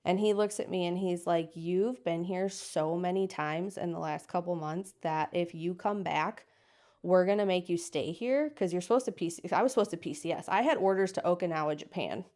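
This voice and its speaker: Woman in her 30s, interview guest, lively storyteller who does the voices of people she quotes. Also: lowish voice, normal speed. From United States.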